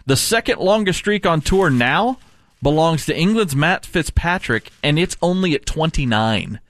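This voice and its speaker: A man's voice: fairly high pitch, moderate pace, no room sound, clean studio sound. A man hosting a casual sports news show, reading headlines and laughing with co-hosts. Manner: lively, laughs often, reads news items.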